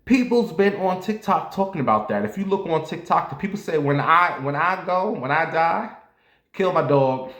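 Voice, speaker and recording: A man talks loosely and profanely to his viewers, now and then jumping up into a playful squeal. His voice sits a bit high. The sound is roomy and echoey, like a bare room at home. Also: animated, moderate pace, fairly bright tone. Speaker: vlogger. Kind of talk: casual chat to viewers. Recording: roomy echo.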